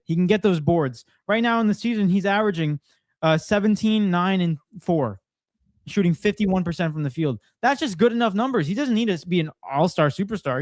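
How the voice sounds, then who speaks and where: Male sports co-host, higher-pitched, confident and opinionated, dry recording. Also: a little mellow, no echo. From Portuguese heritage. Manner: confident, opinionated, quick bursts. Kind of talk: casual sports chat.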